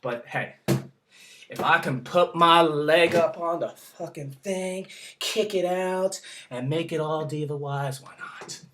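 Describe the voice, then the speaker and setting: A hyper, excitable man vlogging and ranting, swearing freely and giggling as he talks. His voice is bright and swings widely in pitch. He sounds distant from the mic in an echoey room. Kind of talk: casual hyper vlog rant.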